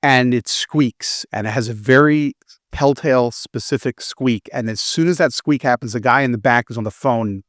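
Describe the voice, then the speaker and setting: A man's voice: mid-range voice, moderate pace, dry recording, clean studio sound. A man, a film reviewer, chatting casually on a podcast and acting out characters' lines as he retells a plot.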